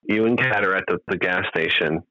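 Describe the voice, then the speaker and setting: A low-voiced man co-hosting a podcast, talking bluntly and swearing his way through a rant. His tone is bright and edgy, and the recording is dry and close, with a slightly dull, muffled sound. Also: fairly quick, dry recording. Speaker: podcast co-host. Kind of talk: casual chat.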